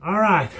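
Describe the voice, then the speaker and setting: A young man rambling in a hyper, giddy vlog monologue, swinging between squeals and low mutters. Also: gravelly. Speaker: vlogger.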